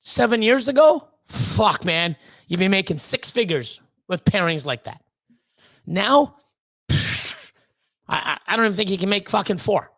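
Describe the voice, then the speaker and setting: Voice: mid-range voice, expressive, a little slow, pauses often, fairly bright tone. A reptile breeder hosting a livestream, talking bluntly and heatedly to the chat, swearing often and restarting sentences. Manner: emphatic repeated pleading. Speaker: reptile breeder and channel host. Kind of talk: casual livestream talk to chat.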